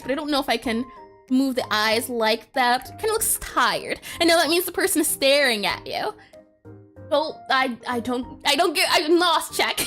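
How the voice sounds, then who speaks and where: Giggly high-voiced woman streamer. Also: a bit bright. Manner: giggly, reads chat aloud and answers it. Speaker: art streamer. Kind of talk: casual live-stream chat while drawing.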